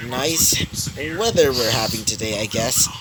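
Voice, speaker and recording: A man's voice: mid-range voice, lively intonation, a little slow, pitched below the performer's own voice, lightly acted. A man reading as an awkward hesitant teenage boy. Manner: hesitant, full of ums. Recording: crowd noise behind.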